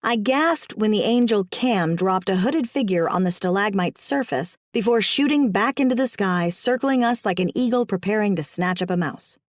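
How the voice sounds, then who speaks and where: A woman narrates a first-person audiobook with wry, expressive comic timing. Her voice sits in a middle pitch range, and the sound is dry and close. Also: normal speed, hardly any pauses, dry recording.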